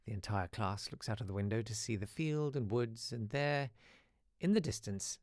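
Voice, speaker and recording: A British man hosting a casual live podcast, telling animated stories and reading listener emails. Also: lowish voice, gravelly, dry recording, clean studio sound. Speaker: host.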